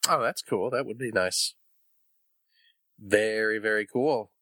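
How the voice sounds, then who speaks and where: A man in his thirties co-hosting a casual podcast chat, animated and jokey, laughing often. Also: fairly low pitch, slow pace, dry recording. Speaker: podcast co-host.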